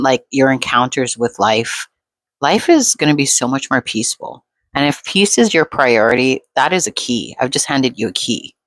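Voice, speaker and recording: Chill woman rambling into the camera, low voice, dry close sound. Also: fairly bright tone, no echo. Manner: laid-back, rambling, lots of fillers. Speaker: vlogger. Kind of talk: unscripted rambling monologue.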